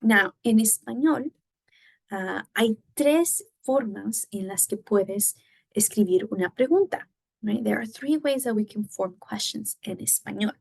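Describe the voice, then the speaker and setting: A woman teaches a recorded Spanish lesson, explaining in both English and Spanish and often checking in with "right?" Her medium-pitched voice is unhurried, gravelly and a little mellow, full of fillers and restarts, with no room sound.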